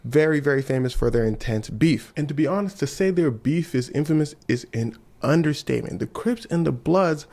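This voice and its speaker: A man from Los Angeles narrating a comedic story in an animated, slangy, playfully dramatic way. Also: a little high, a little fast, hardly any pauses.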